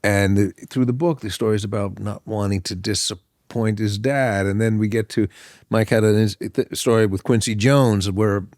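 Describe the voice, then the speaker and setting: A man's voice: fairly low pitch, fairly even intonation, moderate pace, a little mellow, no room sound, clean studio sound. A man in casual podcast conversation, chatty and reflective as he prompts and adds to the stories. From United States. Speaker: co-author and guest.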